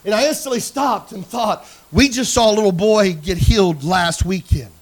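A male pastor telling a story in a sermon, moving from quiet narration to shouted preaching and calling out to the congregation. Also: high-pitched, moderate pace. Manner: calls out to the congregation. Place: church sanctuary.

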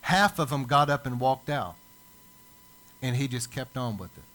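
A male pastor preaching a sermon, building emphasis with dramatic pauses. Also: medium pitch, lively intonation, fairly bright tone. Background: church service.

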